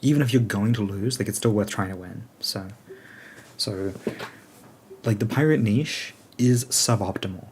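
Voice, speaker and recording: Guy with a lowish voice rambling about his game alliance, lots of ums and likes, casual chat. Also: a little mellow, slight background noise. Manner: rambling, thinks aloud with many fillers. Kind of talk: casual chat answering questions.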